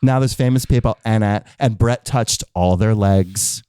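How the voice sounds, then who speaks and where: A man's voice: fairly low pitch, a little slow, dark tone, clear, resonant tone, no echo, clean studio sound. A man in his forties co-hosting a podcast, talking in a camp, teasing way and jumping into funny voices. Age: 40s. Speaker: podcast co-host. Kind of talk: casual chat.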